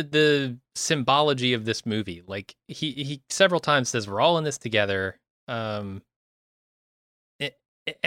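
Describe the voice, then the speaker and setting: A man's voice: on the high side, a bit bright, no room sound, clean studio sound. A man co-hosting a casual film podcast, asking questions and stumbling hesitantly over his words. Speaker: podcast co-host discussing a film. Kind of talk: casual chat.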